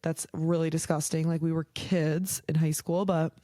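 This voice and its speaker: Her voice is low, level and dark, at a normal speed, with no echo. She's a young woman hosting a podcast, talking casually and bluntly, getting heated, cursing often and leaning heavily on "like".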